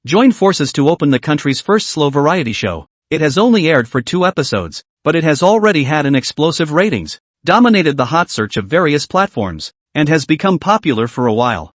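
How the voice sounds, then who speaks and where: A man's voice: a little high, no echo. A man reading a scripted story recap, voicing every character in the same plain narrating voice.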